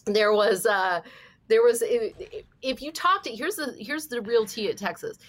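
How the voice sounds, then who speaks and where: A woman from St. Louis, a guest comedian on a casual podcast, telling animated, rambling stories full of fillers. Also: a little high, moderate pace. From St. Louis, USA.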